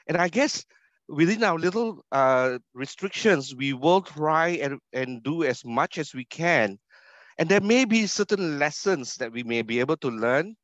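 A man's voice: medium pitch, a bit bright, no echo. Singaporean man giving an emphatic online lecture. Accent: Singaporean English. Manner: emphatic, stresses key words, rhetorical questions. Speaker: keynote speaker, university academic. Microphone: video call computer mic. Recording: dull, dry video call audio.

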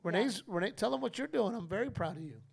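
A middle-aged man hosting a live podcast, telling stories in an animated, profane way. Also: sits high, fast, gravelly, husky. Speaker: comedian podcast host. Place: live audience at a distillery.

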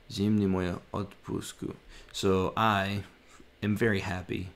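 A man talks through his language practice in a casual vlog, pausing to sound out words and fix his own mistakes. His voice sits very low with a gravelly fry running through it, and he muses aloud as he works. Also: little pitch movement. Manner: halting, sounds words out, self-correcting. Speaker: language-learning vlogger.

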